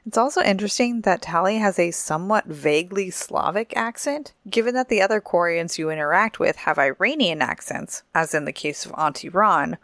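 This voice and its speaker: A woman co-hosting a podcast in casual chat, chatty and quick to laugh. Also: fairly low pitch, a bit bright, no echo. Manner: chatty, giggly, reads listener submissions. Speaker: podcast co-host.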